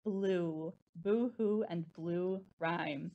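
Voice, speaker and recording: A young woman leading a preschool storytime, with a sing-song, encouraging, slow and exaggerated delivery for small children. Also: lowish voice, phone-quality sound. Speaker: children's librarian.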